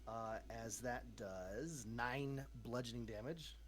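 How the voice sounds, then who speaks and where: A man's voice: medium pitch, slow pace. A man running a livestreamed tabletop game as dungeon master, upbeat and encouraging toward his players, calling them "dude.".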